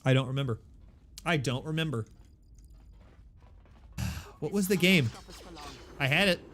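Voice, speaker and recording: A man streaming a game from his apartment, chatting casually into a desk mic, self-deprecating and full of quick asides. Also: on the high side, expressive, a bit bright. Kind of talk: casual live-stream chat. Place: home apartment. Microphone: desk microphone.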